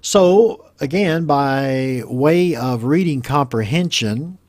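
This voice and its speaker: A man teaches English words at a steady middle pitch, going slowly and saying each word more than once. His voice is recorded close and dry, with no room sound. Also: dry recording. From United States. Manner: slow, patient explanation with repeated model words. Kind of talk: teaching vocabulary from a news story.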